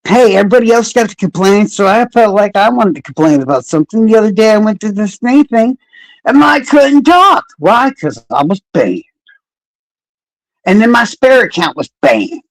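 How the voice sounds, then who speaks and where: A man's voice: high voice, sing-song, moderate pace, no room sound, rough recording. A man talking casually and sarcastically to viewers on a live stream, rambling and cursing. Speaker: true crime streamer.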